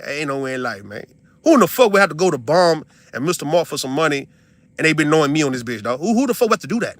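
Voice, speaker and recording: A young man, ranting to his stream audience in a heated, profane, incredulous way, swinging from loud outbursts to low mutters. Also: very animated, fast talker, no room sound. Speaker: livestreamer venting to his audience. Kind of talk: heated casual rant.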